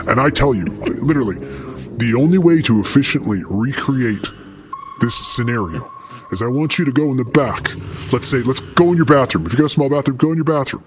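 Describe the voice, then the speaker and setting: A man talks through a story from his time as a paramedic, swearing freely and pressing his points on the listener. His voice sits at a middling pitch, and music plays clearly underneath. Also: a little fast. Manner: energetic, swears freely, addresses the listener directly. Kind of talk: animated profane storytelling.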